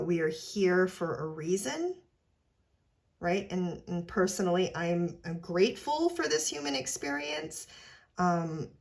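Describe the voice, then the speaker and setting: A woman giving an unscripted spiritual tarot reading, earnest and gently encouraging, who ends many sentences with a questioning "right?". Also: fairly low pitch. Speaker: tarot reader.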